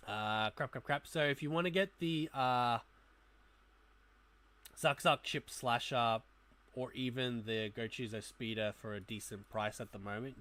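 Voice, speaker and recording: A man's voice: on the low side, a bit bright. Rambling man hosting a toy livestream. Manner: rambling, talks to chat while browsing, mutters asides. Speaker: toy review livestream host. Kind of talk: casual livestream chat.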